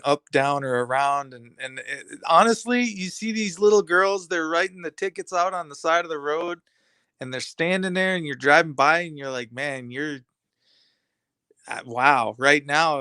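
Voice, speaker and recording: A man rambles through casual talk with his live stream audience, full of street slang. His voice sits a little high and sounds smooth and clean. The sound is dry, with no room around it. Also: normal speed, pushed and bright, no echo. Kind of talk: casual chat with stream viewers.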